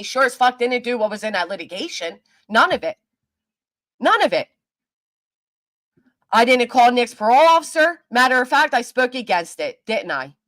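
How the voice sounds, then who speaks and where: Woman streamer on a heated, profane live rant, answering chat, slightly high voice. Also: fairly bright tone. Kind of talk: angry livestream rant.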